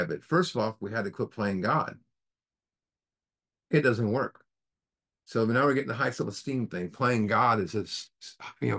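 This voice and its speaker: A man's voice: medium pitch, slightly rough. A man leading a recovery group study, teaching earnestly in a preacher-like way and asking the group rhetorical questions.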